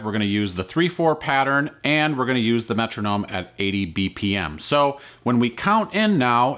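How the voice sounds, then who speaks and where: A man teaching a ukulele lesson, calmly counting beats and naming strums in a play-along tutorial. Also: medium pitch. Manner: calm, counting beats aloud. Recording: loud ukulele music underneath.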